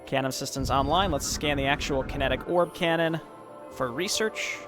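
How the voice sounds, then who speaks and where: A man's voice: mid-range voice, moderate pace. Man narrating gameplay over game music. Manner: relaxed, explains as he plays, reads lore aloud. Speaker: gameplay commentator. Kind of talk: casual let's-play commentary. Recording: game music loud underneath.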